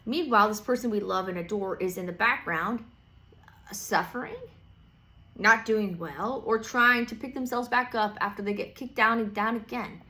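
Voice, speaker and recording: A woman tarot reader talking in a loose, rambling way, full of "like" and restarts. She swears freely and keeps slipping into quick, playful voices for the people she describes. Her pitch sits in an ordinary middle range for a woman. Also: sharp tone. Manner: rambling, profane, lots of fillers and playful quoted voices. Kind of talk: casual tarot reading monologue.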